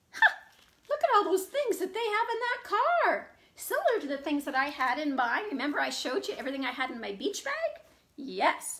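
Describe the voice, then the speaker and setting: Librarian lady doing storytime, high voice, slow and sing-songy, gasping and making sound effects. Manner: animated and expressive, with gasps and sound effects. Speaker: children's librarian. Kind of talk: children's storytime read-aloud. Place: at home.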